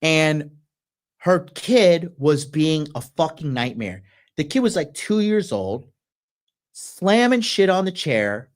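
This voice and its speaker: A man hosting a show, ranting aggressively with constant profanity. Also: fairly high pitch. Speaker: podcast host. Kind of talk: ranting commentary.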